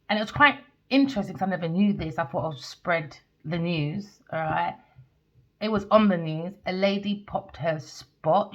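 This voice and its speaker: A woman giving a casual tarot reading to camera, chatty and tagging her lines with "okay?" and "all right?". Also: lowish voice. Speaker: tarot reader. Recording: dull lo-fi sound.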